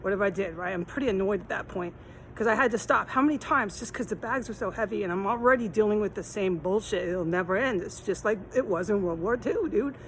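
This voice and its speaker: A woman records herself on a phone while resting on a city street corner, hot and tired from the heat. She rambles on in an aggrieved, repetitive way, circling back to the same complaints. Faint traffic hums behind her, and her voice sits at a middling pitch. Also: quick pace, low-quality recording. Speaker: vlogger. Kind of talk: rambling walk-and-talk vlog.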